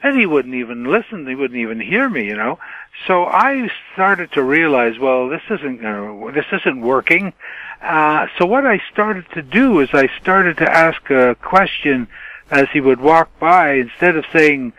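This older man from Canada, once a TV journalist, spins animated reporter stories for a podcast interview in his home den, heavy on fillers and mimicking his own yelled questions. His pitch is fairly high and his pace normal. The recording is dry and rough.

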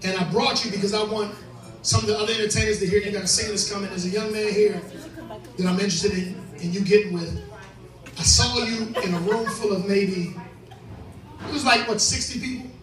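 With a high voice, fairly even intonation, and a slightly quick delivery, a comedian hosts a live club show, bantering crudely and brashly with the audience. Somewhat drunk and often laughing, he's picked up by a far mic in a reverberant room amid crowd noise.

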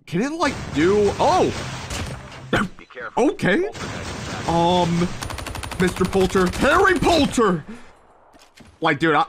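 A man giving excitable, jokey live commentary on a shooter game, with sudden yelps. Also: a little high, background noise. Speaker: gaming streamer. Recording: game gunfire loud behind voice. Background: gunshots and game sound effects.

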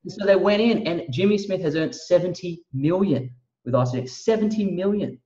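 A man's voice: sits high, a little fast, mellow, echoey room, recorded from a distance. Emphatic preachy man on a muffled call. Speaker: guest. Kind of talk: motivational sales pitch on a video call.

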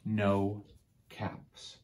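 With a bass voice, a woman reads aloud from a picture book for children, lively in expression yet deliberate. Once finished, she asks the listeners what lesson the book teaches.

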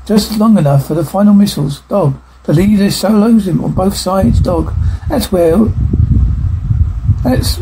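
A man's voice: high voice, unhurried. A man voicing a pompous, sarcastic, well-spoken male dog that lectures in formal words, reading from a film script. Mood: condescending. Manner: condescending, lecturing, formal wording. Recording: noisy recording with clicks.

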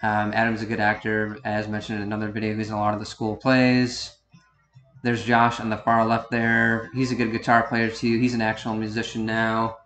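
A man's voice: on the low side, monotone, a bit bright, echoey room, faint music behind. A man in his thirties from upstate New York giving a rambling, self-correcting DVD-style commentary. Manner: meandering, self-correcting, unhurried. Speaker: video commentator.

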